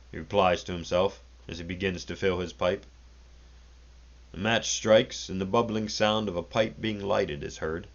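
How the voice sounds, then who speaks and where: A man with a very deep, low voice reads a classic story aloud at a measured, deliberate pace. The sound is dull and lo-fi, with the top end muffled. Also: steady tone. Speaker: narrator.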